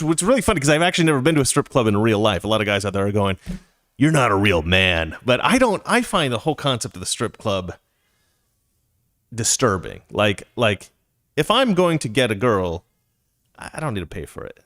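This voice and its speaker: Animated, chatty male podcast host. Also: medium pitch. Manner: animated, chatty, jokey asides. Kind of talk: casual storytelling commentary.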